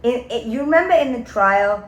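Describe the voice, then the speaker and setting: A woman's voice: on the high side, lively intonation, a little fast. A woman venting to her viewers in a comedic, rambling monologue, theatrical and full of swearing and filler words. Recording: echoey room with faint ambience.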